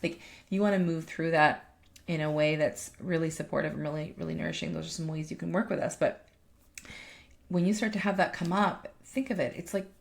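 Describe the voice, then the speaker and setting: This woman, a life coach and podcast co-host, has a low, steady voice with vocal fry and a brisk delivery. She chats casually and emphatically, swearing freely and frequently restarting her sentences.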